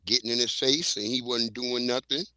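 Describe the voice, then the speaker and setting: A man's voice: medium pitch, fairly even intonation, moderate pace, heavy background noise. A man hosting a livestream, chatting casually in blunt slang while he plays clips. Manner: slangy, blunt, laid-back. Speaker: livestream host. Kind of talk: casual commentary.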